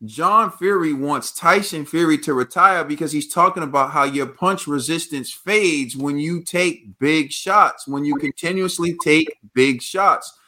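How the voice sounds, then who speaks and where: A man's voice: on the high side, pushed and bright. A man co-hosting a boxing talk show, laying out an argument point by point. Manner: measured, argues point by point. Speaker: podcast co-host. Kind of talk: casual boxing chat.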